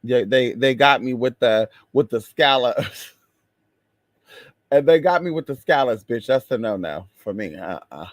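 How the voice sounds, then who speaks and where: A man chatting casually to his viewers in a sassy, expressive way. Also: mid-range voice, a little slow, no room sound. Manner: sassy, expressive, exclaims and drawls. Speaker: vlogger.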